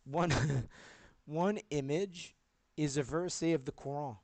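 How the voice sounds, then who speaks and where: A man's voice: a little high, takes it slowly, darkish tone, no room sound. Rambling man live-streaming. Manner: rambling, swears, jumps between topics.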